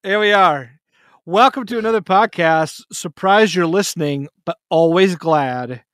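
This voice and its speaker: A man co-hosting a casual sports podcast, jokey and self-deprecating, talking in quick bursts. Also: sits high, a bit bright, no echo, studio quality. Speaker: podcast co-host.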